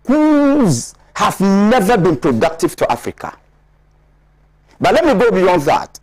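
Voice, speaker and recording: A man from Ghana sits on a studio panel and explains a point in a lecturing, emphatic way, repeating words as he builds up. His voice sits a little high and swings up and down a lot. The sound is dry and close. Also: big pitch swings, unhurried, breathy edge, dry recording. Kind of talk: studio discussion analysis.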